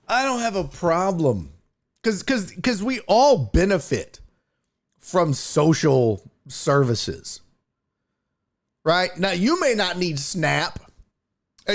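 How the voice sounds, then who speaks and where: A man ranting on his sports talk stream, his voice sitting a bit high for a man. He curses constantly, climbing into near-shouts and dropping into low, grumbling asides. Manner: angry, profane, swings between shouting and muttering. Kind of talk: profane ranting live stream.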